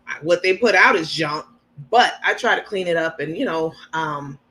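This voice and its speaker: A woman's voice: deep voice, lively intonation, moderate pace, bright, forceful tone, slight background noise. A woman hosting a casual livestream, chatty and laughing often, greeting viewers by name. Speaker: livestream host.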